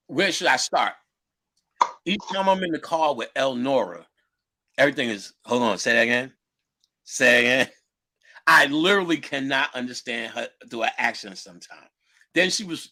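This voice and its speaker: A man lecturing on spirituality who drifts into animated, profane storytelling and acts out the people he quotes. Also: medium pitch. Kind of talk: casual storytelling talk.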